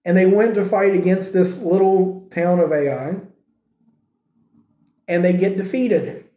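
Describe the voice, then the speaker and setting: High-voiced preacher in an echoey room. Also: male voice, slow, mellow. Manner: preaching, acting out quoted speakers in his own voice. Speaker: pastor. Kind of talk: sermon.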